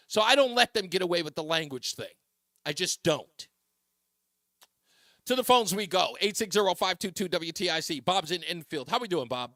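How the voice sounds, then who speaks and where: A man hosting a radio talk show, talking to listeners in an animated, mocking way and taking calls. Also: sits high, moderate pace, no room sound, studio quality. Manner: animated, mocking, puts on voices for quotes.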